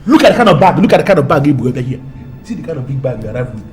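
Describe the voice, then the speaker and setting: A man's voice: medium pitch, big pitch swings, rapid-fire, over music, natural voice. An actor with a Nigerian English accent playing a domineering man who threatens his lover in grandiloquent, repetitive speech. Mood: threatening. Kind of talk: Nollywood film acting.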